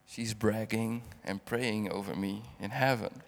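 A man's voice: lowish voice, fairly even intonation, vocal fry. A middle-aged man from the Netherlands preaching a heartfelt sermon, often repeating and restarting his words. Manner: halting, repeats words, emotional testimony. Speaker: guest preacher. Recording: long hall reverb.

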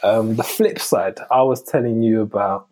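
A man co-hosting a podcast, talking in a halting way and often searching for his words. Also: fairly low pitch, a little mellow. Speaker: podcast co-host. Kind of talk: casual chat.

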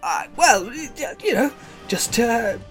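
A man voicing a newly rich male dwarf preacher who talks high and hesitantly, full of ums and stammers. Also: expressive, unhurried, fairly bright tone, faint music behind, heavily acted. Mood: sheepish.

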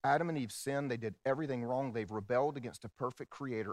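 A male pastor preaching a sermon, swinging between excited loud passages and hushed low ones, acting out quoted voices. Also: fast, hardly any pauses, dry recording.

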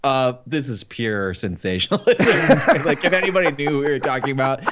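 A man's voice: mid-range voice, animated, brisk, few pauses, a bit bright. A man co-hosting a podcast, rambling wryly and laughing often. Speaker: guest co-host. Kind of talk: casual podcast banter.

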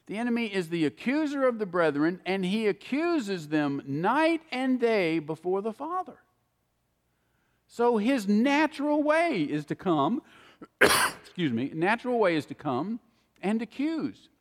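A man's voice: sits high, big-room sound. A man preaching a sermon, earnest and speaking straight to his listeners. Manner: earnest, addresses listeners directly by name.

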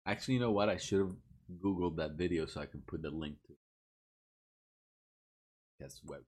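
A man's voice: deep voice, brisk, darkish tone. A man hosting a casual chat, teasing and laughing. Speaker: podcast host.

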